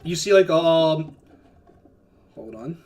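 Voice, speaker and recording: A man's voice: fairly high pitch, lively intonation, slow pace, a little mellow. A man running a tabletop game as game master, narrating casually with lots of fillers and swearing. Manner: rambling, filler-heavy, casual cursing.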